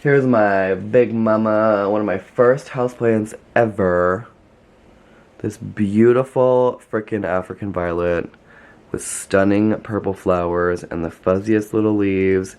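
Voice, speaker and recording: A man with a somewhat low voice talks through a casual tour of his home plant collection. He gushes, chats freely and fills his sentences with "like". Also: steady tone, takes it slowly, a little mellow, clean tone. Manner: gushing, chatty, frequent "like". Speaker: plant vlogger. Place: home filled with houseplants.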